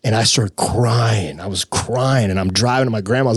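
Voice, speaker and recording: A young man, a podcast guest, telling his personal story with emotion, animated and acting out the voices of the people in it. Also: lowish voice, moderate pace, breathy edge, dry recording, clean studio sound. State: tearful.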